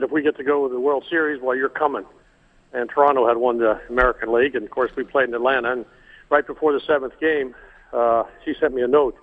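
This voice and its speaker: Older man telling a story over a tinny phone line. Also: mid-range voice. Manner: halting, many fillers and restarts. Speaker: guest telling a family story. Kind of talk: emotional personal storytelling.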